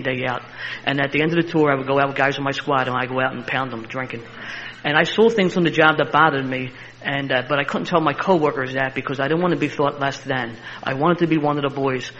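Older Philly man spinning a fast yarn. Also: mid-range voice, a little hiss or hum. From Philadelphia. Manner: animated, laughing storyteller with a street-tough edge. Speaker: interview guest. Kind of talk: personal storytelling. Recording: slightly muffled recording.

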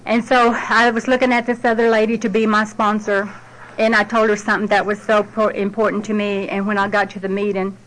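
A woman's voice: medium pitch, little pitch movement, fairly quick, fairly bright tone, a little hiss or hum, low-quality recording. A middle-aged woman, giving a heartfelt personal testimony at a support group meeting in a plain, down-to-earth way.

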